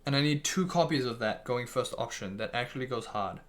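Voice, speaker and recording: A man talking through a live stream at a middle pitch, loose and unscripted. He trips over his words, restarts often and throws in casual swearing as he answers viewers. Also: lively intonation, brisk, soft background music. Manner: swears casually, restarts a lot, reads chat aloud.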